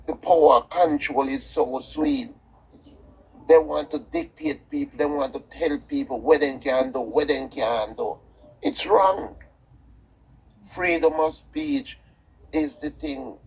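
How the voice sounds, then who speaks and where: A Jamaican man calls into a talk show with a husky voice. He speaks emphatically, repeating his points as if preaching. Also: medium pitch, highs cut off. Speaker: caller. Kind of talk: call-in talk radio chat.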